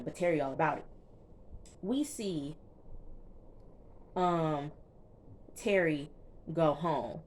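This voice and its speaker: A woman reviews a TV episode in a loose, slangy recap, stopping often for quick asides of her own. Her voice sits slightly low. A faint room ambience hums behind her. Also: a little mellow, slight background noise. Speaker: TV show reviewer.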